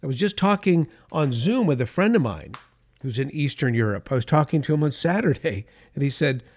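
A man, middle-aged or older, delivering an opinion monologue as a political commentator, emphatic, repeating key phrases for stress and dropping into soft asides. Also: fairly high pitch, very animated, brisk.

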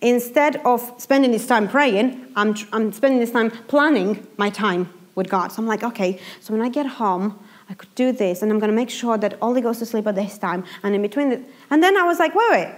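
Young female preacher, expressive storyteller, voice sits a bit high, sermon delivery. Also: fairly quick. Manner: lively, animated storytelling.

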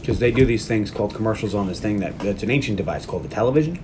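A man's voice: on the low side, expressive, rapid-fire, background noise. A man hosting a casual movie podcast who retells plot scenes and acts out the characters' lines. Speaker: podcast host.

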